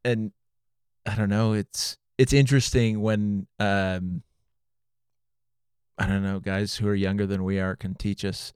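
Deep-ish smooth voice, thoughtful podcast guy musing, dry sound. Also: level tone, unhurried, long pauses, darkish tone, dry recording. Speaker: podcast co-host. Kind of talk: faith podcast conversation.

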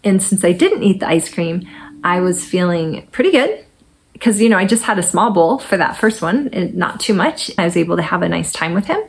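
A woman's voice: lowish voice, expressive, a little fast. Woman telling a candid personal story. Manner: candid, conversational storytelling with fillers. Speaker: mental fitness coach. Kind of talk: personal testimonial talk.

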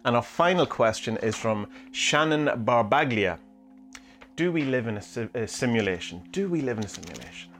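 A man's voice: mid-range voice, animated, normal speed, fairly bright tone, soft background music. A man hosting a podcast, musing aloud through listener questions in a rambling way with many hesitations. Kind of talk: casual chat reading omens from books.

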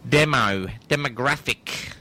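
A man's voice: mid-range voice, takes it slowly, sharp tone, slight background noise, pitched below the performer's own voice. A man doing a pushy rental agent. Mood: smarmy. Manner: wheedling sales patter, repeats himself. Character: pushy slick male rental agent, evasive.

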